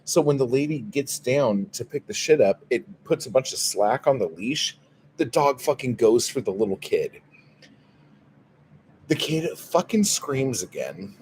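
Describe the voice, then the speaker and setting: A man's voice: medium pitch, expressive, unhurried, a little mellow, slight background noise. A man hosting a casual livestream, telling a story in a profane, exasperated way. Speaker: livestream host. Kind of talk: casual livestream chat, reading viewer comments.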